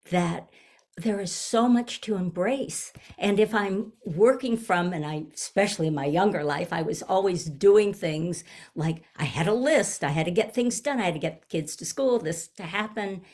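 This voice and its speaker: A woman in her seventies, a minister giving a gentle, reflective sermon, often pausing and restarting her phrases. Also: medium pitch, slightly rough. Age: 70s. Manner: gentle, searching, with frequent restarts. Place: online service.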